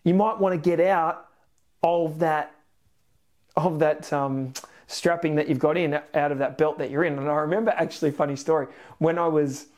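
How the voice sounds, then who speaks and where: A man with an Australian accent hosting a motivational podcast, telling stories energetically with sudden excited rises. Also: fairly high pitch, normal speed. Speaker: podcast host, weight loss coach.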